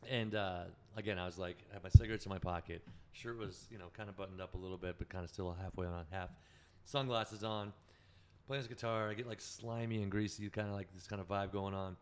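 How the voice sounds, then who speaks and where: A man's voice: deep voice, fairly even intonation, a little fast, a little mellow, smooth. A man telling stories as a podcast guest in casual chat, rambling, profane and correcting himself as he goes.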